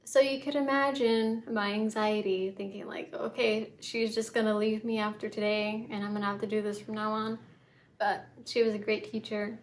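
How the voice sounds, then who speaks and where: A young woman telling her own story in a vlog, soft and halting, with many fillers and restarts. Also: mid-range voice, flat delivery, a little hiss or hum. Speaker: vlogger.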